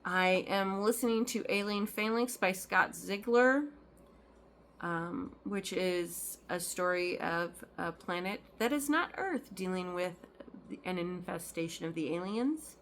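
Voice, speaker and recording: Chatty woman with a low-pitched voice. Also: a little slow, a bit bright, slight background noise. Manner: rambling, full of ums and restarts. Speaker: cross-stitch vlogger. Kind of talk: casual chat.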